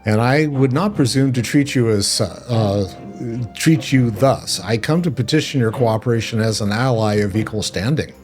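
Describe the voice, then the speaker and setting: A man voicing a formal, earnest young male lord in a video game, speaking in measured, polite tones. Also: medium pitch, a little mellow, soft background music, close to an everyday voice.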